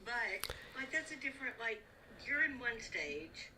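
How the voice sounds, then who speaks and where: A middle-aged woman guest on a casual live chat, halting and trailing off mid-thought. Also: fairly high pitch, big pitch swings, sharp tone. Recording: distant mic with crowd noise.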